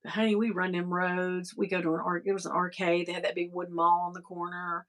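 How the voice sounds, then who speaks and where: Middle-aged Southern woman hosting a livestream, bright tone, rambling, casual cursing. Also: fairly low pitch, little pitch movement, quick pace. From American South. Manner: chatty, rambling, laughs often, swears casually. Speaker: livestream host reading chat. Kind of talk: casual chat.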